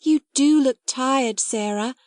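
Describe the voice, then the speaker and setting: A woman's voice: sits high, takes it slowly, a little mellow, dry recording, voice pushed up. A timid schoolgirl frets in a raised, plaintive voice, as a woman narrator puts her on. She sounds anxious and unsure of herself, pleading in a storybook reading. The sound is dry and close. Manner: pleading, worried girlish delivery.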